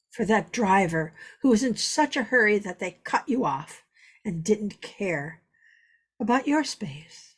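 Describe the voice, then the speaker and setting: A woman's voice: mid-range voice, slightly rough. A woman spiritual teacher giving an earnest, repetitive teaching talk, weaving in personal stories.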